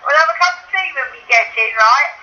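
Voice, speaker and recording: A middle-aged English mother speaks over a phone call in a high, sharp voice. She sounds fond, chatty and practical. The line comes through thin and tinny. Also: lively intonation, brisk. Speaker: caller, mother.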